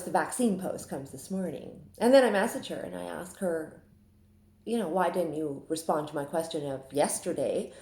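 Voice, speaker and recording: A woman's voice: lowish voice, darkish tone. A woman who runs an online group, talking in a chatty, confiding way with frequent laughs, from Saskatchewan in Canada. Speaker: Facebook group admin. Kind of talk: casual monologue. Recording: echoey room.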